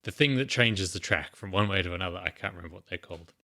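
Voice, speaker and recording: Male podcast co-host, lowish bright voice, rambling casual explainer. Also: fast talker. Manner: rambling explainer with many fillers and restarts. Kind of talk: casual chat.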